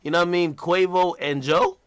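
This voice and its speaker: A man's voice: high voice, fairly quick, slight background noise. A man hosting a casual livestream interview, talking in a loose, slangy, swearing way. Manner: animated, slangy, swears freely. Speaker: livestream host.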